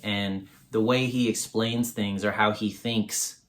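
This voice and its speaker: A man's voice: lowish voice, fairly even intonation, slow, fairly bright tone. A man giving a casual, rambling book review on his video channel, full of fillers.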